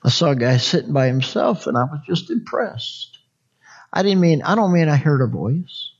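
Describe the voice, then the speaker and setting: A man's voice: a little high, lively intonation, moderate pace, slightly rough, highs cut off. A man preaching a conversational sermon, rambling and folksy, often asking the congregation for an amen.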